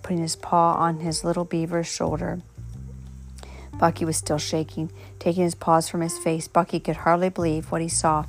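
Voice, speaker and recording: Woman reading a kids' storybook aloud at home, low-ish voice, stumbles and corrects herself, faint music behind. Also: a little mellow. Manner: unpolished reading with slips and self-corrections. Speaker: reader.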